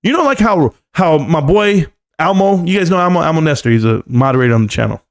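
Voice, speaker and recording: A man's voice: on the high side, expressive, fast talker. A man hosting a live stream, standing at his desk, joking and rambling in casual chat and calling everyone "bro". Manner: standing at a desk while talking.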